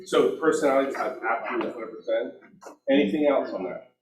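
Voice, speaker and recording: A man's voice: mid-range voice, fast talker. A middle-aged man leading a real estate team meeting, telling stories and acting out conversations. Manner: animated storytelling, acts out dialogue, self-mocking. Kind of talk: team meeting training talk. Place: meeting room. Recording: echoey room, distant mic.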